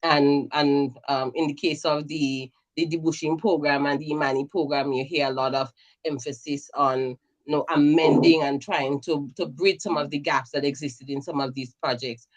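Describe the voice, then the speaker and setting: A woman from Grenada calling in to a talk show, giving measured, earnest commentary with frequent fillers. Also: low voice, steady tone. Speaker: caller commenting on the budget. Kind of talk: casual call-in commentary.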